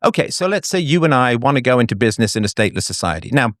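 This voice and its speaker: A man hosting a debate, explaining his views in a lively, argumentative way. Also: mid-range voice, rapid-fire, dry recording, clean studio sound. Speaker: debate host.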